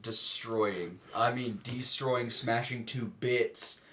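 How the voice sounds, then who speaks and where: A man's voice: medium pitch, fairly even intonation, slow, a bit bright, a little hiss or hum. A man co-hosting a podcast, chiming in with wry jokes and side comments. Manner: wry, joking interjections. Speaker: podcast co-host. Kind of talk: casual chat.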